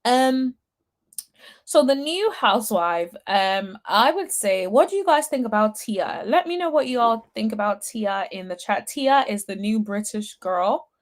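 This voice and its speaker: A woman's voice: on the high side, animated, unhurried. A young adult woman hosting a casual reality TV recap, chatty and sassy, answering viewers' comments with lots of fillers. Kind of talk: casual chat reading live comments.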